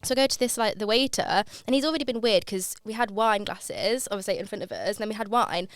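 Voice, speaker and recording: Fast-chatting young woman, smooth voice. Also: mid-range voice, dry recording. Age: 20s. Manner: chatty storyteller, fast and animated. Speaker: podcast co-host. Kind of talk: casual chat.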